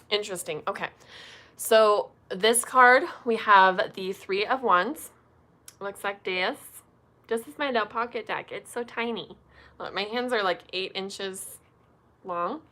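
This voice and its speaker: Pulling cards live for her stream, a young woman talks chattily, leaning heavily on fillers like "um" and "like." Her medium-pitched voice is pushed and bright, moving slowly with frequent pauses.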